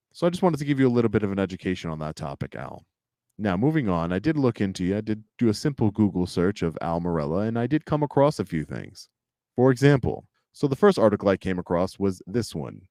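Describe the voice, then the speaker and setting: Sarcastic low-voiced New man. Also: dark tone, no echo, clean studio sound. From Long Island, New York. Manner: sarcastic, lecturing. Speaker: channel host. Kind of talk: commentary video.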